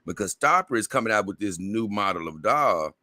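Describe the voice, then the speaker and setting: A man with a Southern drawl hosts a casual livestream and answers his viewers' comments. His voice sits low but sounds bright and forward, recorded close and dry. He rambles and repeats himself in an easygoing way. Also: animated, brisk, no room sound. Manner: rambling, repeats words, laughs often. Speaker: livestream host.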